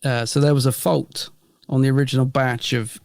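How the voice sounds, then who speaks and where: A man's voice: mid-range voice, level tone, brisk, vocal fry, darkish tone, no room sound, clean studio sound. A man co-hosting a podcast, chatting in a rambling way and chuckling often. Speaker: podcast co-host. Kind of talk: casual review chat.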